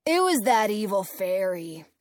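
A woman doing a deadpan little castle guard. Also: mid-range voice, a little slow, no echo, studio quality, pitched below the performer's own voice. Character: gatekeeping male castle guard, literal-minded.

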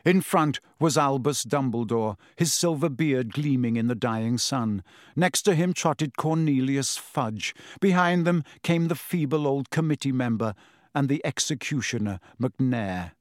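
A man narrating an audiobook in a measured, steady storytelling manner. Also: mid-range voice, no room sound. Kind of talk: scripted narration.

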